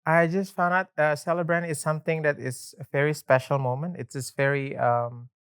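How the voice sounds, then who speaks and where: A man with a smooth, clean voice speaks hesitantly in a casual podcast chat, using simple non-native phrasing and many ums. The sound is close and dry, with no room around it. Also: on the high side, steady tone, a little fast, a bit bright, no room sound. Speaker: personal trainer and celebrant.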